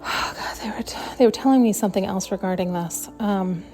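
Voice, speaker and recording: A woman's voice: mid-range voice, fairly quick, a little mellow, faint music behind. A woman hosting a solo spiritual podcast, talking in a searching, emphatic way and now and then acting out the voices she quotes. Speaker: podcast host.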